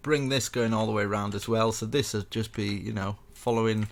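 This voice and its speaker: A man's voice: fairly low pitch, fairly even intonation, fairly quick, gravelly. A young man casually walking viewers through a building tutorial step by step, chatty and rambling with self-mocking asides.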